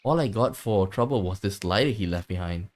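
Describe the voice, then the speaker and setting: A man's voice: on the low side, lively intonation, a little fast, close to an everyday voice. A man reading aloud the lines of a bitter, possessive mother in a game, grieving her missing son and lashing out. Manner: resentful, lashing out in grief.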